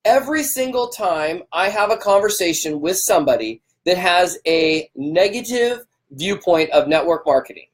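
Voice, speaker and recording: A man's voice: high-pitched, expressive, normal speed, few pauses. A man hosting a live stream, fired up and emphatic. He repeats himself for emphasis and greets viewers by name. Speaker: livestream host.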